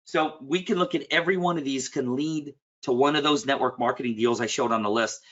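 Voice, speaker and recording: A man coaching a client one-on-one in a casual, blunt and animated way, often clearing his throat. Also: medium pitch, a little fast, lo-fi sound. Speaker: business coach.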